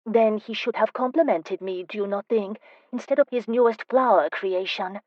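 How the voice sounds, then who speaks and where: A woman narrator voicing a spirited, teasing young woman in an audiobook, speaking with lively, emphatic delivery. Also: mid-range voice, normal speed, no room sound, lo-fi sound, voice pushed up, close to an everyday voice. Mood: exasperated. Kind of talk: audiobook character voice.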